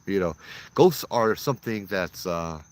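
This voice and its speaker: A man's voice: deep voice, animated, a little slow. A man casually telling ghost stories as host, chatty and using local slang. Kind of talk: casual storytelling.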